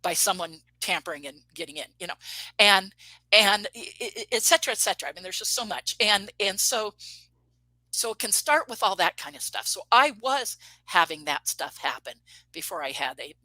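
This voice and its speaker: Bright-voiced woman telling a story. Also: mid-range voice, moderate pace, no echo, low-quality recording. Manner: animated retelling that acts out quoted dialogue, with frequent restarts. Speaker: interview guest. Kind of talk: casual storytelling in an interview.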